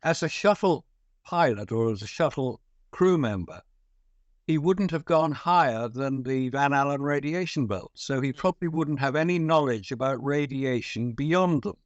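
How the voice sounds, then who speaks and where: A man's voice: mid-range voice, lively intonation, normal speed, no room sound, highs cut off. A man in casual discussion, making thoughtful explanatory points with fillers.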